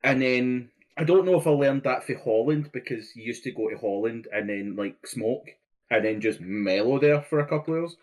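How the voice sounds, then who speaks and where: A man's voice: medium pitch, lively intonation, normal speed, darkish tone. A Scottish man in his thirties talking in casual podcast chat, laid-back and rambling, with casual swearing. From Scotland. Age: 30s. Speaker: podcast co-host.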